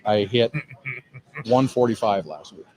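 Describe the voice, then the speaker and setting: A man's voice: on the low side, animated, unhurried, a little mellow, poor audio. A man, a cigar lounge owner telling a rambling, profane, self-mocking story in a lounge. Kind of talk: casual storytelling.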